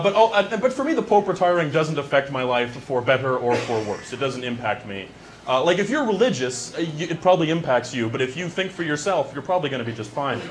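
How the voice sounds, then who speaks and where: Wry stand-up comic, noisy live room. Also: male voice, fairly high pitch. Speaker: stand-up comedian. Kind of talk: stand-up comedy monologue. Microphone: handheld microphone.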